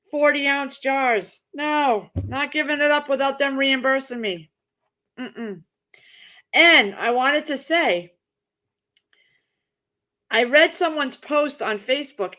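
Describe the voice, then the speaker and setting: A woman's voice: on the high side, a bit bright. A woman hosting a casual livestream from home, chatty and rambling, greeting viewers by name as she goes. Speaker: livestream host.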